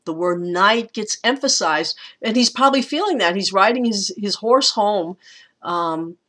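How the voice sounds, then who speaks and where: A woman teacher giving a recorded lecture, talking in a thoughtful, unhurried way with frequent pauses and restarts. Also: mid-range voice, animated, fairly bright tone.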